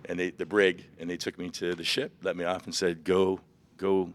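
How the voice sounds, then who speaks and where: A man in his fifties, a veteran guest on a podcast, candidly retelling personal stories in an animated way. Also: low-pitched, fairly quick. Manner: animated, vivid retelling of past events.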